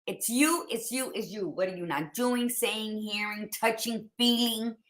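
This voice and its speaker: A woman's voice: on the high side, unhurried, a bit bright. A woman co-hosting a motivational podcast, talking emphatically and repeating her questions for effect. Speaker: podcast co-host.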